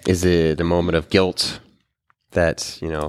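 A man co-hosting a casual podcast, speaking in a thoughtful, measured way. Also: deep voice, fairly even intonation, clean tone. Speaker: podcast co-host. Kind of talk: casual chat.

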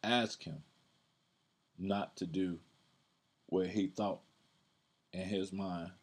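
A man with a deep, low-pitched voice and a husky edge explains scripture on his podcast. He speaks casually and conversationally, circling back on his words and leaning into the verses he reads aloud. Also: fairly even intonation, drawn-out words. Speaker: podcast Bible teacher.

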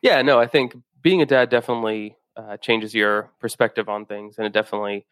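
A man's voice: on the low side, steady tone, fairly quick, a bit bright, clear, resonant tone, no room sound. A man hosting a podcast, interviewing a guest in a friendly, easygoing way. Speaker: podcast host. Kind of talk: casual podcast conversation.

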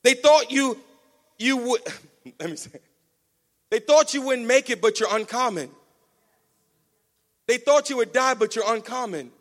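High-voiced man preaching in a reverberant hall. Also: a little slow, pauses often. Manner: energetic call-and-response preaching. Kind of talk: sermon.

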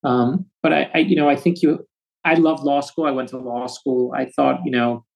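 A man in his fifties from the United States, an author telling stories with quick asides as a podcast guest. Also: mid-range voice, fairly even intonation, gravelly, low-quality recording. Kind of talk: storytelling interview.

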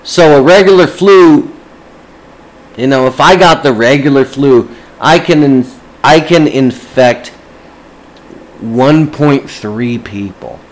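A man's voice: medium pitch, takes it slowly, pauses often, rough recording. A man ranting casually to camera, agitated and swearing constantly.

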